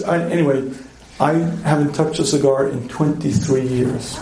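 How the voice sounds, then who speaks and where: A middle-aged man giving a joking, animated marriage seminar talk to a live audience, clearing his throat often. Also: fairly high pitch, moderate pace. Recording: echoey hall.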